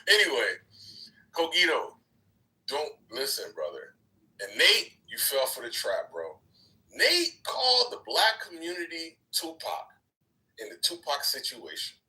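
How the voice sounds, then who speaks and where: A man in a heated live debate in an online voice chat room, scolding and repeating himself, going from low muttering to loud outbursts. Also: wildly swooping pitch, measured pace, recorded from a distance, rough recording.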